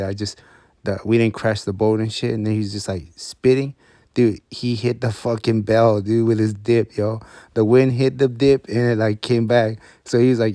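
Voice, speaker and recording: A man's voice: mid-range voice, fairly even intonation, a little fast, warm tone, no echo, studio quality. A man telling a story in a loose, casual, profane way, full of slang. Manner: slangy, loose, swears a lot.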